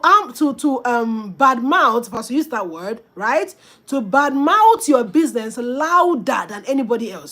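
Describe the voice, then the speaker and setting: A woman giving an emphatic, preachy motivational talk on selling, speaking straight to her listeners as a business coach. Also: fairly high pitch. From Africa.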